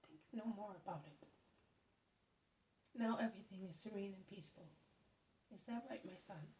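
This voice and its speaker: A tender, motherly woman with a soft, consoling way of speaking, voiced by a woman reading aloud. Her pitch is ordinary, and the mic is a bit distant. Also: normal speed, a little hiss or hum, close to an everyday voice.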